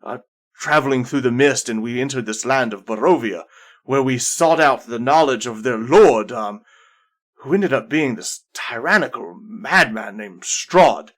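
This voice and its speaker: A man voicing a halting, weary male leader. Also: medium pitch, lively intonation, a bit bright. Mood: solemn. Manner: halting, hesitant storytelling with restarts. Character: weary older male leader recounting past exile. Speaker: character voiced by the game master. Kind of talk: improvised tabletop role-play.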